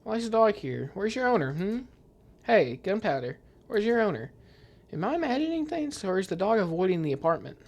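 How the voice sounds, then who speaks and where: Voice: medium pitch, very animated, fairly quick, creaky, a little mellow. Uneasy player voicing a horror game. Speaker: gameplay commentator. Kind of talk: reading game dialogue aloud while playing.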